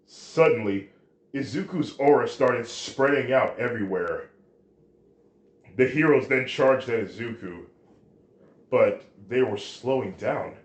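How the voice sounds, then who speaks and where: A man reading a fan story aloud, halting now and then with restarts. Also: mid-range voice, lively intonation. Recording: roomy echo.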